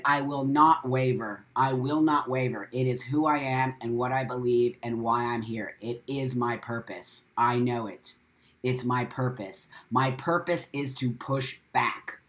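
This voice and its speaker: A man hosting a live-stream monologue, swearing often and repeating phrases for emphasis in a defiant, forceful rant. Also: mid-range voice. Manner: profane, emphatic ranting. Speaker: host.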